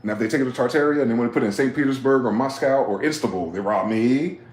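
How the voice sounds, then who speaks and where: A man talking in a rambling, profane late-night monologue, swinging from loud outbursts to low muttering. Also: quick pace, roomy sound. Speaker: vlogger.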